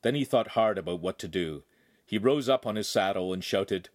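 A male audiobook narrator telling the story in an expressive, storytelling way. His pitch moves a lot, and the recording is close and dry with no room sound. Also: normal speed, no echo. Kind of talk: scripted narration.

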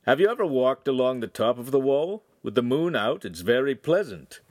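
A man's voice: medium pitch, very animated, normal speed, no room sound, voice pushed up. A man doing a chatty city guard. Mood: friendly. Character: friendly male city guard, nosy.

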